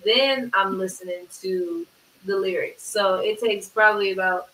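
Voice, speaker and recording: Bright-voiced woman producer, roomy sound. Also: medium pitch, fairly even intonation. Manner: agreeable, talks in quick bursts, many "yeah"s. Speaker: music producer. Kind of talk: casual interview chat. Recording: roomy, distant mic with faint hiss.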